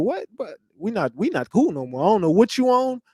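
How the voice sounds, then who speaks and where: A man's voice: sits high, sing-song, a little fast, hardly any pauses, mellow, no echo, clean studio sound. A man hosting a reaction stream, talking bluntly in casual slang and calling the listener "fam" and "bro". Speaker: host reacting to clips. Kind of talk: casual commentary.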